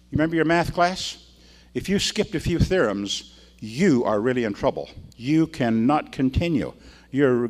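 A man's voice: on the high side, a little mellow. An older man, a pastor, preaching in a folksy, conversational way and acting out the people in his stories. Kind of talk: sermon with storytelling.

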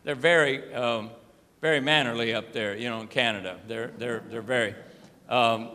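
Forceful preacher man in a reverberant hall. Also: medium pitch, moderate pace. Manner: animated storyteller who acts out the people he quotes. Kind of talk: sermon storytelling.

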